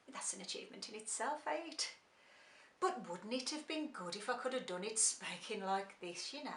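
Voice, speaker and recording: Using a full character voice that is high, pushed and bright, an actress performs a wry, confiding monologue as a middle-aged working-class woman who became an executive. She speaks with a Black Country accent, dropping into a clipped posh work voice, and the sound is roomy.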